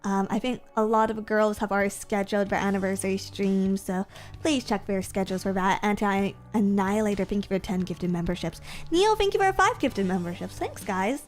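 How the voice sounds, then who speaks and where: A woman's voice: medium pitch, a little fast. A young woman streamer chatting casually with her viewers at the end of a stream, bubbly and playful. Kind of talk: casual stream outro chat.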